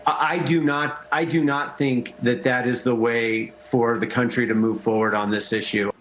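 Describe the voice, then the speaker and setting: A man's voice: mid-range voice, fairly even intonation, normal speed, a bit bright, a little hiss or hum, poor audio. A man answering an interviewer's questions hesitantly, often restarting and repeating words. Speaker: political candidate.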